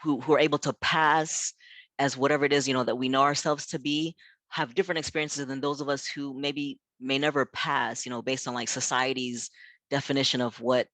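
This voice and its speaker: A man's voice: mid-range voice, level tone, fairly quick, fairly bright tone, no room sound. A man speaking as a pastor in a reflective workshop talk, posing questions and often saying "you know". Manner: thoughtful, frequent "you know" fillers, rhetorical questions. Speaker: pastor and community center founder giving a workshop.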